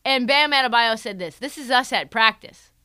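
A woman's voice: on the high side, normal speed, smooth, no echo, clean studio sound. A woman hosting a podcast, giving casual, jokey sports commentary with plenty of swearing. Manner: animated, profane, jokey, acts out quotes. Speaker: podcast host.

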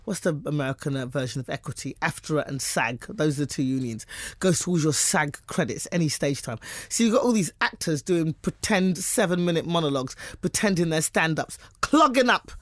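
A British woman comedian chats in an interview, brash and playfully boastful, joking at her own expense. Her voice sits low and is recorded close and dry, with no room sound. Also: lively intonation, brisk, no room sound. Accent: British English. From England. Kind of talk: casual interview.

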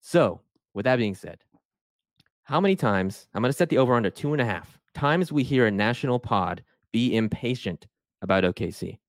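A man's voice: mid-range voice, lively intonation, moderate pace, no room sound, clean studio sound. A man hosting a casual sports podcast, talking animatedly and restarting sentences as he sets up topics. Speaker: podcast host.

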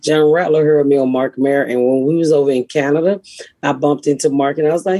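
A raspy middle-aged woman, a comedian hosting a podcast and telling blunt, profane stories. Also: low voice, fairly even intonation, fast talker, mellow, no room sound. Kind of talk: casual podcast chat.

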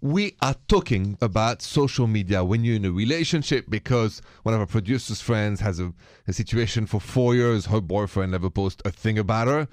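A man's voice: lowish voice, lively intonation, brisk, no room sound, clean studio sound. A man with a French accent hosting a radio call-in show, chatty and dropping French greetings.

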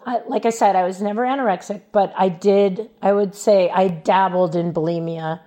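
A woman's voice: mid-range voice, fairly even intonation, normal speed, warm tone. A woman from Louisiana speaking as a podcast guest in casual chat, telling personal stories frankly and laughing along the way.

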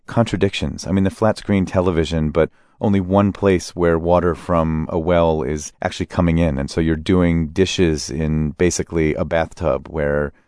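A man with a very deep voice, a guest in an interview. He tells his travel stories in a relaxed, anecdotal way and laughs mid-sentence. The sound is dry and close. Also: normal speed, hardly any pauses, dry recording. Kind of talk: conversational storytelling.

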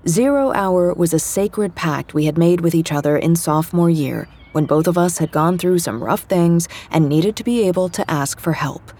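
Husky-voiced woman narrating an audiobook. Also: lowish voice, moderate pace, few pauses, mellow. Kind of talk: first-person fiction narration.

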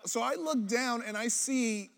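A man's voice: extremely high pitch, unhurried, creaky, fairly bright tone. A man telling a story and making wry jokes as a guest on a live podcast. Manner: joking, wry asides. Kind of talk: casual chat. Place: live stage show.

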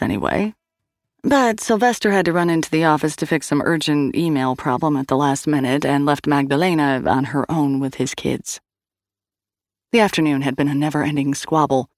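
A woman narrating a scripted story in an expressive, wry manner. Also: deep voice, no echo. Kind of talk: scripted audio-drama narration.

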